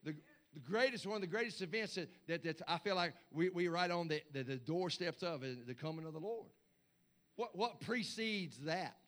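A man preaching a sermon as pastor, swinging from low asides to hollered, repeated lines. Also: animated, normal speed. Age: middle-aged or older. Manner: building to shouted, hollering preaching with stammered repeats.

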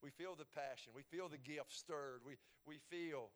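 Man, pastor, sermon, fervent, stammering repeats, slightly high voice, nearly empty church. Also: normal speed. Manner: builds from quiet pleading to loud, fervent preaching with stammered repeats. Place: church sanctuary, mostly empty.

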